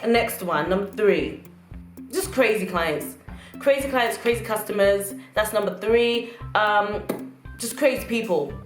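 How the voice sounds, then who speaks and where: A woman's voice: mid-range voice, a little slow. Sassy young woman in an echoey room. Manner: sassy, animated, acts out customers and managers. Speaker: vlogger. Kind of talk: casual storytelling rant to camera. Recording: echoey room with faint music.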